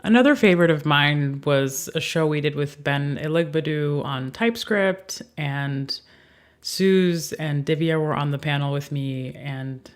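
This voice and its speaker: Low-pitched woman, casual podcast panelist, easygoing chat.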